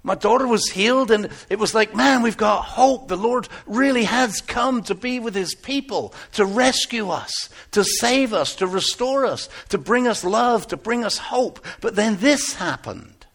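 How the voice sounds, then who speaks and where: An actor playing an aging biblical shepherd, telling his story earnestly, moving between hushed tones and exclamations. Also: sits high, animated, a little slow, hardly any pauses, full character voice. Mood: conflicted. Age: older. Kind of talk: first-person dramatic monologue.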